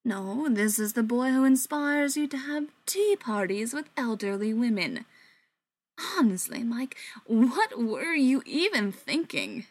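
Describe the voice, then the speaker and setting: A woman voicing a condescending male vampire elder in an audiobook, speaking in a slow, mocking drawl. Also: fairly high pitch, sing-song, dry recording.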